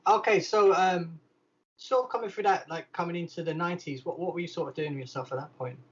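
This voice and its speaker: A man's voice: fairly high pitch, quick pace, slightly rough, highs cut off. A man hosting a podcast, asking casual interview questions in a hesitant way, hedging with "sort of" and "like.". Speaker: podcast host.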